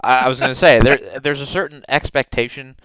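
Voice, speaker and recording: An American man co-hosting a casual podcast with a bright, clear and smooth voice. He talks in halting bursts, restarting often and laughing. The sound is close and dry. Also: mid-range voice, steady tone, no echo, rough recording. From United States. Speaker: podcast co-host, game master.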